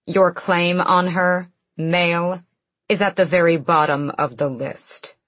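A woman's voice: lowish voice, fairly even intonation, takes it slowly, a bit bright, no echo. A woman reading the lines of a fierce, commanding female witch with a cool, amused, clipped delivery, in an audiobook.

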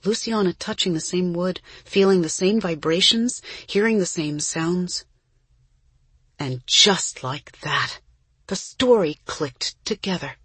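A woman reads a children's novel aloud in a calm, steady narrating voice. Her tone is husky and slightly breathy, recorded close and dry with no room sound. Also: on the low side, takes it slowly, dry recording. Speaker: audiobook narrator. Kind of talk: scripted narration.

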